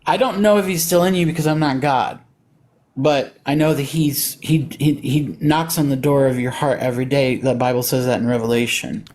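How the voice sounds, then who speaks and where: A man's voice: medium pitch, fairly even intonation, moderate pace, darkish tone. A man defending his Christian faith in a call-in debate, earnest and insistent, often quoting scripture.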